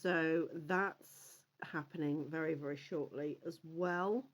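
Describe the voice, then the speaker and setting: A woman's voice: low voice, slow. A woman doing a casual oracle card reading, chatty and rambling with frequent ums and restarts, encouraging her listeners. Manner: encouraging, gently admonishing.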